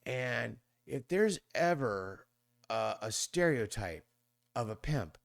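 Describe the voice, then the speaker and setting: A man in his fifties, a podcast guest, telling a long story in a rambling way and mimicking other people's voices with sudden high squeaks. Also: very animated, takes it slowly, creaky, no room sound, clean studio sound. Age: 50s. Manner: rambling with many restarts and fillers. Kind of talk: conversational storytelling.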